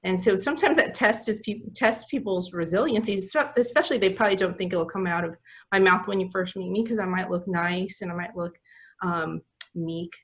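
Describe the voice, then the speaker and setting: A woman's voice: on the low side, brisk. A woman, a healthcare leader on a panel, speaking directly and reflectively over a video call.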